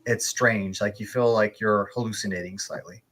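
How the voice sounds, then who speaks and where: A man narrating a tabletop game as game master, relaxed, with filler words and chuckles. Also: fairly low pitch, moderate pace. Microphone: online stream call.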